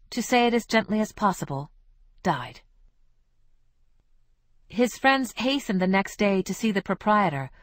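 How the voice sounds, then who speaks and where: Woman narrating a story, measured pace. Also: medium pitch, no room sound, clean studio sound. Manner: measured and clear for learners. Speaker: audiobook narrator.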